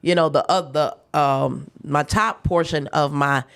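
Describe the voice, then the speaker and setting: A woman with a slightly low voice tells a personal story in a relaxed interview. She is emphatic and laughs often, and she acts out what everyone said to her. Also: unhurried, creaky, clear, resonant tone. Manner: faith-filled, emphatic retelling. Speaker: guest chef.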